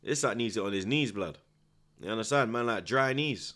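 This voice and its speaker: A man with a London accent hosting a football watchalong, slangy and teasing, flaring up excitedly at the action from home. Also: on the low side, moderate pace. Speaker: host. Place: at home indoors.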